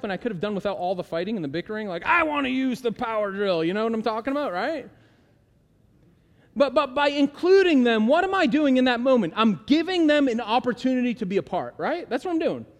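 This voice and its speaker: High-voiced male pastor preaching in a hall. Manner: conversational, asks the congregation to repeat lines aloud; emphatic, slows down on key words. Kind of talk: sermon. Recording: long hall reverb.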